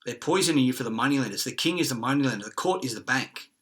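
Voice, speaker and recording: A man's voice: mid-range voice, animated, quick pace, a bit bright. A man with an Australian accent ranting in an agitated, profane, rambling monologue.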